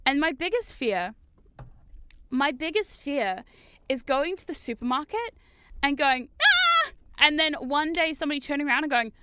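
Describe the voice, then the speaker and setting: Brief: playful New Zealand woman streamer, high, bright voice, giggles often. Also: lively intonation, moderate pace, a little hiss or hum. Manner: playful, giggly, talks to chat. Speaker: VTuber streamer. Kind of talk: casual chat while gaming.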